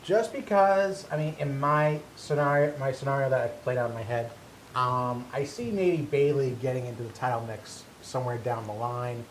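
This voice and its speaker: A man's voice: mid-range voice, moderate pace. A man co-hosting a casual wrestling podcast, talking animatedly with many stammered restarts. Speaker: podcast co-host. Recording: echoey room with faint hum.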